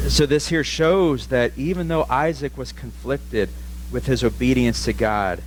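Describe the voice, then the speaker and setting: A man's voice: mid-range voice, unhurried, slight background noise. A male pastor preaching a sermon, telling a story with animation and questions for the congregation.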